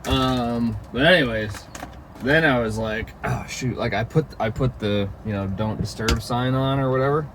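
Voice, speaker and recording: A man's voice: mid-range voice, normal speed, noisy background. A man vlogging in a casual chat, rambling with lots of fillers and the odd swear word.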